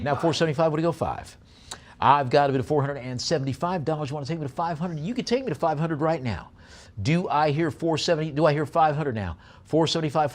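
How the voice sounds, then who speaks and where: A man working as an auctioneer, calling bids briskly and slowing down, with many "uh" pauses, to describe each piece. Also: fairly high pitch. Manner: brisk bid calling between slower item descriptions; many filler pauses when describing items.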